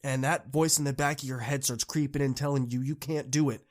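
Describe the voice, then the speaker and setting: A young man hosting a podcast, giving an earnest, encouraging motivational talk to students that swings from soft to impassioned. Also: medium pitch, fairly even intonation, brisk. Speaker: podcast host.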